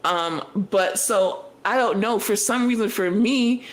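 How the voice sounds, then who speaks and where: Animated, profane woman co-host. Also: mid-range voice, measured pace, rough recording. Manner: animated, profane, tells story in bursts. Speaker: podcast co-host. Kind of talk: casual recap chat.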